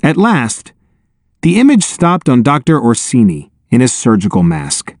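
A man narrating a storybook in the first person, with a wry, lively delivery. His pitch sits in the middle and swings widely. The recording is close and completely dry. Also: measured pace, no echo. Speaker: audiobook narrator.

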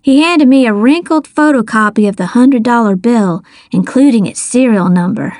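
A woman giving a first-person storybook narration in a wry, measured, expressive manner. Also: on the high side, no room sound, studio quality. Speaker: audiobook narrator.

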